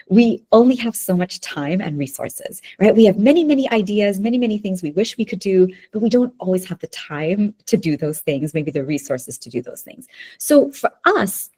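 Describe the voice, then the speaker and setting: A woman's voice: mid-range voice, dark tone, breathy edge. A woman presenting a live webinar workshop who keeps checking in with her listeners with "okay?" and "right?". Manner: talks to the audience with frequent "okay?" and "right?" checks. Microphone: video call.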